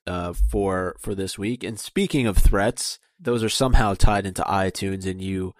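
A man with a fairly low voice co-hosts a casual podcast. He drops wry, teasing asides in an easygoing way. The sound is close and dry, with no room around it. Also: moderate pace, dry recording. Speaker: podcast co-host.

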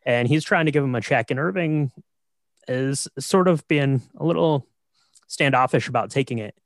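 A man's voice: mid-range voice, normal speed, no echo. A man co-hosting a podcast, steadily explaining a film's plot and often checking in with his partner. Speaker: podcast co-host. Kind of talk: casual chat recapping a film.

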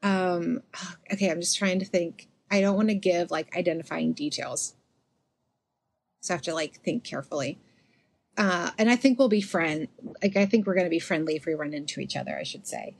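A woman's voice: lowish voice, creaky. A young adult woman on a podcast, chatting casually and telling stories with sarcastic asides. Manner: animated storyteller, quick sarcastic asides. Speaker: podcast co-host. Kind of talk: casual chat.

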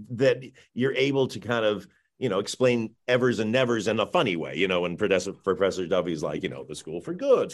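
A middle-aged man, a film director, answering interview questions in a chatty, rambling way, often laughing and saying "you know". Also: on the low side.

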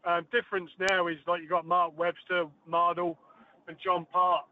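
A man's voice: sits high, little pitch movement, moderate pace. A man, a former darts player, telling stories as a guest on a phone-in radio interview, with many fillers and restarts. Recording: tinny phone line, dry.

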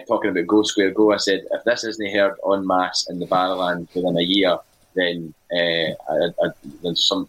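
A man's voice: sits low, a bit bright, slightly rough, rough recording. A Scottish man co-hosting a podcast, telling long rambling anecdotes with many fillers in casual chat. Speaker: podcast co-host and music writer.

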